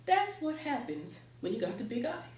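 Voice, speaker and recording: A woman's voice: high voice, normal speed. Lady telling folktales at the library, playful, mic kinda far, echoey room. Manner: playful and expressive, laughs through the telling. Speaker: storyteller and educator. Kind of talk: folktale storytelling to a live audience. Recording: roomy, distant mic, faint background.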